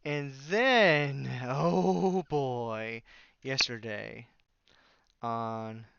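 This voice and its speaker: A man's voice: medium pitch, drawn-out words, vocal fry, fairly bright tone, smooth, muffled recording. A man telling a rambling story in a casual vlog, sarcastic and exasperated as he goes. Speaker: YouTuber.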